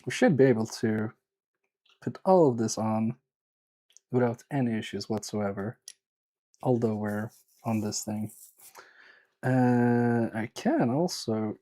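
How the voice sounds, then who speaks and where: Slow, mellow-voiced joking man streaming. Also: medium pitch. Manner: joking, self-mocking, chatty with viewers. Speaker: electronics repair streamer. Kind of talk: casual live-stream chat.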